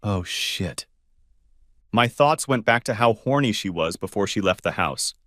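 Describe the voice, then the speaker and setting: A man's voice: expressive, normal speed, a bit bright, no room sound, studio quality. A man reading a first-person story aloud and voicing every part himself. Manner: reads every part himself, raising his pitch for alarmed questions. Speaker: narrator.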